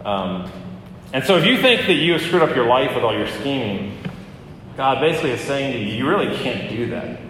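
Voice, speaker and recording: A pastor giving a conversational sermon, often pausing with fillers and restarting his phrases. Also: mid-range voice, big pitch swings, fairly bright tone, slight background noise. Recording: echoey hall with long reverb.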